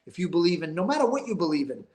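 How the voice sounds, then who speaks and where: A man's voice: high voice, very animated, racing, darkish tone, reverberant. An older man, telling stories in a rambling, emphatic street-talking way as an interview guest. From East Boston. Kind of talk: casual interview storytelling.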